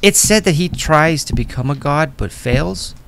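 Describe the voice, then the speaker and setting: Animated man narrating as game master. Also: fairly high pitch, moderate pace, gravelly, slight background noise. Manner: animated, laughing, storytelling.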